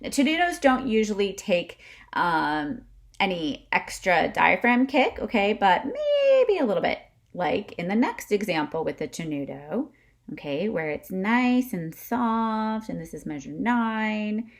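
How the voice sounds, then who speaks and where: Woman music teacher talking to camera; lively, chatty, keeps checking in with students. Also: medium pitch, measured pace. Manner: chatty, checks in with frequent "okay?"; demonstrates breath kicks with short huffs. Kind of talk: instrumental lesson video.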